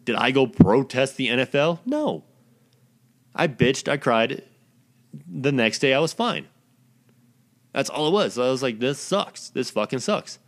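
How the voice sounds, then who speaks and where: A man's voice: medium pitch, normal speed, pauses often. A man delivering a profane, blunt, exasperated ranting monologue as the host of his own recording.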